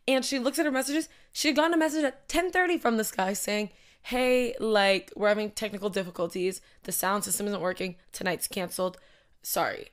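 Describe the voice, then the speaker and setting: A young woman talks straight to her viewers in a loose, rambling storytelling chat. She piles on filler words and side comments as she goes, at an ordinary mid pitch. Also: brisk. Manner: rambling, animated, lots of "like" and asides. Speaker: host.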